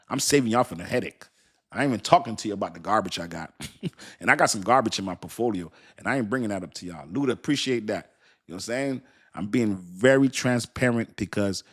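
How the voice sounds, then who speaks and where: A man with a fairly low voice hosts a live stream and talks straight to his viewers. His speech is loose and slangy, and it wanders with frequent restarts. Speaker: crypto channel host. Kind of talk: casual livestream talk to viewers.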